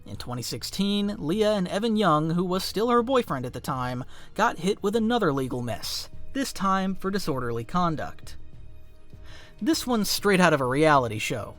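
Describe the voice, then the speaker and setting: A man's voice: high voice, very animated, moderate pace. A man reading a scripted documentary narration in a dramatic, emphatic way. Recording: faint music underneath.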